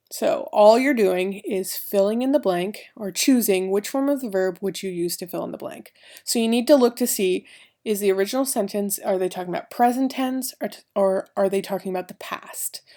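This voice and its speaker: A woman's voice: medium pitch, dark tone. A woman teaching a recorded French grammar lesson, explaining each step and spelling out letters.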